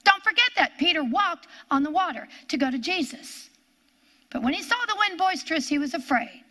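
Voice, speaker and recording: A woman teaching the Bible in a sermon, dramatic and emphatic, asking rhetorical questions and dropping to hushed tones. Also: extremely high pitch, lively intonation, fairly quick. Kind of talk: sermon, reading and expounding scripture.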